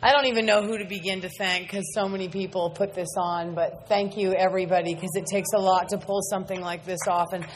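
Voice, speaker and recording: A woman's voice: on the low side, steady tone, fast talker, hardly any pauses, a little hiss or hum. Earnest woman speaking at a big meeting. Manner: earnest, candid, repetitive emphasis. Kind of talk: personal testimony talk. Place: large meeting hall with audience.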